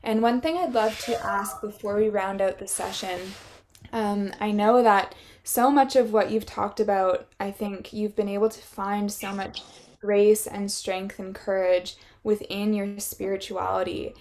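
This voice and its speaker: A woman's voice: mid-range voice, steady tone, unhurried, darkish tone, slight background noise. A woman hosting a podcast, reflecting on her guest's words and asking thoughtful questions in an affirming way. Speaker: podcast host. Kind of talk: conversational interviewing.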